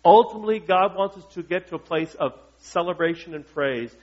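A man's voice: high voice, fairly quick. A male pastor preaching a sermon in a conversational, joking way and asking his congregation questions. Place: church. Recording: dull lo-fi recording.

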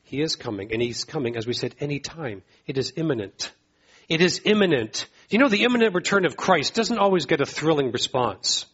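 Man, preaching, emphatic, repeats himself, slightly high husky voice, dull lo-fi recording. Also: animated, fairly quick, few pauses, fairly bright tone. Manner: emphatic, repeats phrases, rises in pitch to exhort. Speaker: pastor. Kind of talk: sermon.

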